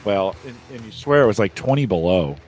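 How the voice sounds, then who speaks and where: A man's voice: on the low side, lively intonation, brisk, a little mellow, soft background music. A man hosting a podcast in casual chat, rambling and friendly with lots of fillers. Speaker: podcast host.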